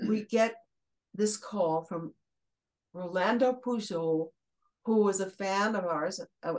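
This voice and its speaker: An older woman from Brooklyn, a guest on an interview, telling lively anecdotes, laughing mid-sentence and acting out what people said. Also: lowish voice, rough recording. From Brooklyn, USA. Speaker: guest, former children's TV host. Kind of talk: casual storytelling interview.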